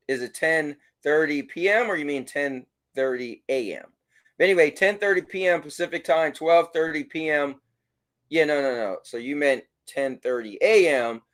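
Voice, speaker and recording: A man hosting a casual livestream, reading chat messages aloud and giving shout-outs. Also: medium pitch. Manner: animated, talks to his dog. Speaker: livestream host.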